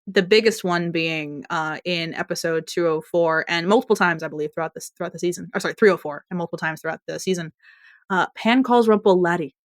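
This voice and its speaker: A woman's voice: on the low side, brisk, dry recording, clean studio sound. A woman co-hosting a podcast, recapping a TV episode in a chatty, rambling way with restarts and laughs. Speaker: podcast co-host. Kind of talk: casual TV recap chat.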